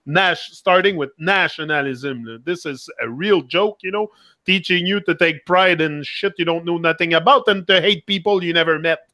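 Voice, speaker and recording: Bright, dry-voiced man hosting a chat. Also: on the high side, no room sound. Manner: halting non-native phrasing, frequent fillers. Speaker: host. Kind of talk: casual conversation.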